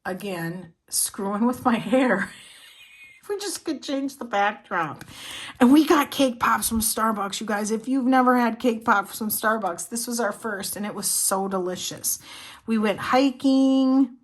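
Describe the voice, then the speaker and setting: A woman's voice: on the high side, a little slow. A middle-aged woman chatting casually on her vlog, showing her planners and journals, talking in a heartfelt, rambling way with many fillers. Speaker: planner vlogger. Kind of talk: casual show-and-tell chat.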